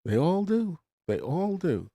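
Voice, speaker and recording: A man's voice: on the high side, big pitch swings, measured pace, warm tone, no echo, studio quality. A middle-aged man hosting a podcast, rambling bluntly through a casual monologue full of restarts and swearing. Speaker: podcast host.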